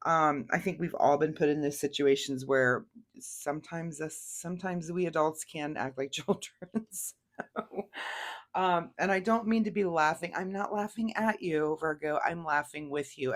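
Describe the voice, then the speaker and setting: A woman giving a casual weekly tarot reading, chatty, laughing often and talking through fillers and restarts. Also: sits low. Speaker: tarot reader.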